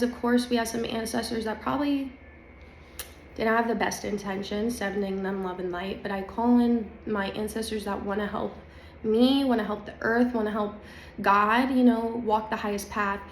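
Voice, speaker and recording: In a casual spiritual talk to camera, a woman vlogger chats emphatically and confidingly about spiritual growth. Her pitch is fairly high. The recording has a little hiss or hum and comes from an echoey room with faint ambience.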